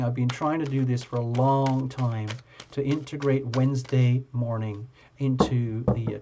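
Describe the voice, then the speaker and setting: A man's voice: mid-range voice, a little mellow, dull audio, slight background noise. A man hosting a casual live-stream tarot reading, talking to his viewers in a chatty, playful way.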